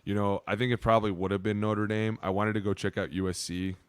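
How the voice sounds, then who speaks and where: A fast, loose storyteller, this man in his thirties talks in a low voice and swears freely as he chats. The sound is dry and close, with no room around it. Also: clear, resonant tone, no room sound. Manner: loose, profane, animated storyteller. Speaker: podcast co-host, former player. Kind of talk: casual storytelling chat.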